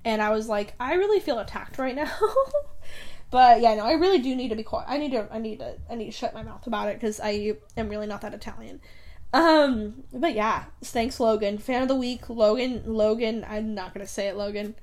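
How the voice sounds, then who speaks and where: A young woman chats on her own podcast, talking from her bedroom. She rambles, piles on fillers, giggles and corrects herself as she goes. Her voice sits a little higher than most women's. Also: fairly quick, a little mellow. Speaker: podcast host. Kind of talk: casual solo podcast chat.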